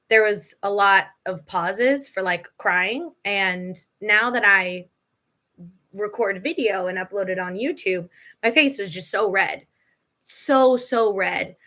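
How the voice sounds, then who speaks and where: A woman hosts a live podcast Q&A, chatting in an emotional way and laughing often. Her voice is mid-range with a sharp tone.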